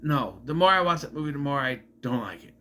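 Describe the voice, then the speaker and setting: A man's voice: medium pitch, animated, quick pace, a bit bright. A young man giving a casual, rambling movie review who often stops to correct himself. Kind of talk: casual film review vlog.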